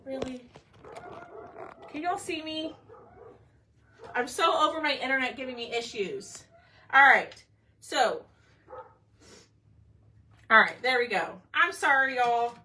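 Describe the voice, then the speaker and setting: Slow-talking chatty woman. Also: high voice, animated, pushed and bright, slight background noise. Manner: chatty, talks to viewers and her pets while working. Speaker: craft livestream host. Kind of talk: casual craft tutorial livestream.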